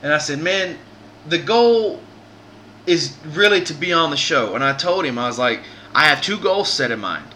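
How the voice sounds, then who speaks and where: A man chats on his podcast and tells a heartfelt story in an easy, rambling way. His voice is very bright and a little high. He sounds earnest and often stops to restart a sentence. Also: lively intonation, normal speed, a little hiss or hum. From Southern United States. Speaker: podcast host.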